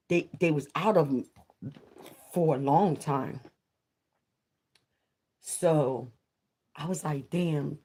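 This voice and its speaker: A woman with a fairly low voice chats to her viewers on a live stream. She talks loosely and casually, circling back over her points, and she swears freely as she goes. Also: a little mellow. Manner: chatty, repeats herself, swears freely. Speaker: vlogger on a livestream.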